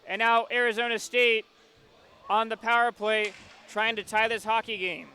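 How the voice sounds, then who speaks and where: A male announcer calls live hockey play-by-play in a high, bright, smooth voice with flat delivery. He tracks the action in a quick, rhythmic way.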